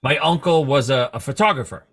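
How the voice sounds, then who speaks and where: A man hosting a casual podcast, telling animated stories and cursing freely. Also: medium pitch, a little fast, creaky. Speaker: podcast host. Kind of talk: casual chat.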